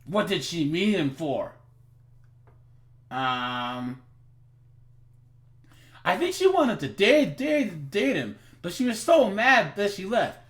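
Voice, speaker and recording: A man with a high-sitting voice talks slowly, pausing often, as he reacts to a video in a chatty livestream. Animated and talkative, he keeps calling out to his viewers as "guys."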